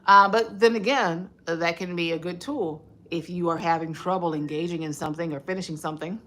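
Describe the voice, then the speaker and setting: A woman's voice: on the low side, steady tone, a little fast, a bit bright, slight background noise. A woman hosting a casual home livestream, talking through her thoughts in a reflective, conversational way with frequent fillers. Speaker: livestream host.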